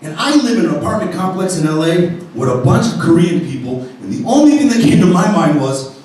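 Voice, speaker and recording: A man doing stand-up, telling a long story in an animated way and swearing freely. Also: high-pitched, a little fast. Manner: animated, profane. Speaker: stand-up comedian. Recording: echoey room, distant mic.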